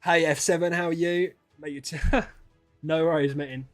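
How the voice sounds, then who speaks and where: A man streaming casual chat with viewers, ranting and swearing, dropping to mutters and then rising to loud outbursts. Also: a little high, fairly even intonation, moderate pace, faint music behind.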